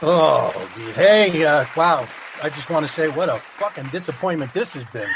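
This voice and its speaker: A man's voice: fairly high pitch, expressive, moderate pace, a loud crowd. A man roasting in a crude, brash, profane stand-up style, breaking into mock carol snippets. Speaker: roast comedian. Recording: noisy podcast recording.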